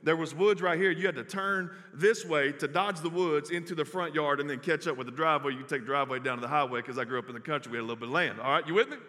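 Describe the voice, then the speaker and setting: A man's voice: on the high side, quick pace, hardly any pauses, pushed and bright. A young adult man from Texas, preaching a sermon and telling a folksy story to the congregation. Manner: folksy storytelling, addressing the crowd as y'all. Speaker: pastor. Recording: reverberant hall.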